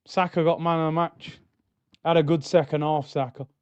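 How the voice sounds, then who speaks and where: A man's voice: on the high side, moderate pace, clear, resonant tone, dry recording, lo-fi sound. A young man streaming a live football watchalong, reacting to the match and reading out chat comments. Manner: excitable, shouts at goals, then grumbles and reads comments.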